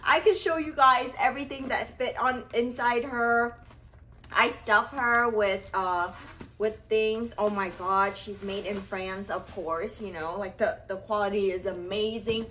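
A woman vlogger gushing over a purse she is unboxing, talking excitedly with lots of fillers and breathless exclamations. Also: medium pitch, unhurried, slight background noise. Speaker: fashion vlogger.

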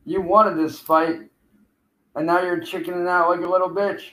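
A man's voice: high-pitched, flat delivery, moderate pace, sharp tone, echoey room, poor audio. A man streaming live, taunting and cursing at a rival who keeps failing to show up. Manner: taunting, profane, calling out a rival. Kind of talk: livestream trash talk.

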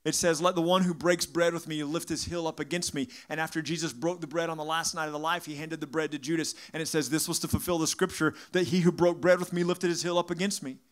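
A man's voice: on the high side, fairly even intonation, fast, hardly any pauses. A man pastor preaching a sermon to a congregation, firing off rhetorical questions and acting out the voices of the crowd. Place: church sanctuary.

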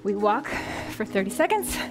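A woman's voice: medium pitch, very animated, moderate pace. A woman fitness instructor, out of breath, leading a walking workout with upbeat coaching cues. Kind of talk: guiding a workout. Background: background music.

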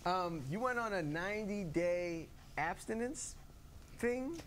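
A man's voice: high-pitched, animated, fairly bright tone, a little hiss or hum. Laid-back New York interviewer, man. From Queens, New York. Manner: easygoing, laughs along, asks quick questions. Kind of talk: casual interview chat.

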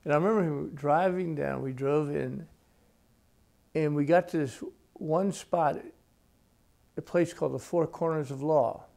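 An older man in his sixties tells stories at an unhurried, reflective pace. His voice is gravelly, with a mellow, dark tone, and his speech sits a little high for a man. He is an author being interviewed in his own home. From United States. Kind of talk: relaxed storytelling in interview.

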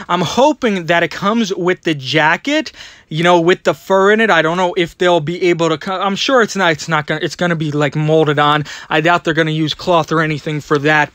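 Hyped-up guy rambling out of breath, kinda high voice, super dry sound. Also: no room sound. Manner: excitable, rambling, repeats words. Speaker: toy collecting vlogger. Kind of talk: excited voiceover commentary.

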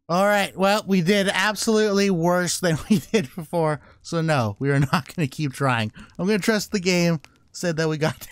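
A man's voice: high voice, clear, resonant tone, dry recording. A man giving casual let's-play commentary who swears constantly and talks to his sled dogs and to the game. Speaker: gaming channel host.

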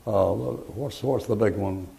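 An older preacher delivers a folksy sermon full of jokes and acted-out stories. His voice is dark and gravelly, and it sounds like a live church recording. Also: fairly low pitch, slow pace.

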